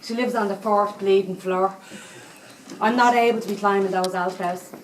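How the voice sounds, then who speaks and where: In a live stage comedy monologue, a woman plays a cheeky, foul-mouthed 78-year-old Dublin psychic, with a thick Dublin Irish accent and constant swearing asides. Her mid-range voice is steady, moderately paced and close to everyday speech, heard from a far-off mic in an echoey room with slight background noise.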